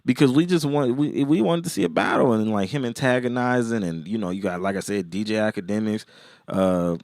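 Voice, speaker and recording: A man's voice: lowish voice, a little fast, darkish tone, dry recording, clean studio sound. A man co-hosting a podcast in loose casual chat, rambling with lots of fillers and restarts. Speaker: podcast co-host.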